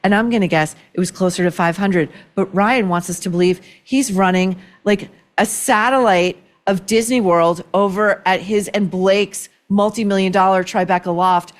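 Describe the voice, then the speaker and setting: A woman's voice: medium pitch, fairly even intonation, normal speed, hardly any pauses. A woman hosting an opinion commentary show, talking in a sarcastic, indignant, worked-up way. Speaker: podcast host.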